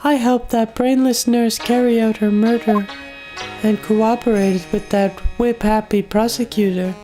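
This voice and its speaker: A woman voicing a scheming, proud older woman villain in a game playthrough, talking slowly and with menace. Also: fairly high pitch, fairly even intonation, voice pushed up, close to an everyday voice, poor audio. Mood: gloating. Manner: slow, gloating, menacing. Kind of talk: video game voice-acting playthrough. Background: loud game music.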